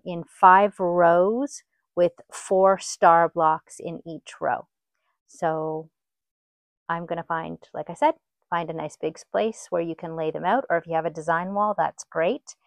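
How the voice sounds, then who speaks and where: A woman teaching a quilt tutorial, talking through each step in a relaxed, step-by-step way in her sewing room. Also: on the low side, dry recording.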